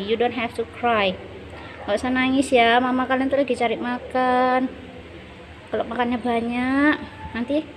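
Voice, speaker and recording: A woman cooing at kittens and soothing them in repetitive baby talk. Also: high voice. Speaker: cat lover filming kittens. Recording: noisy background with meowing kittens.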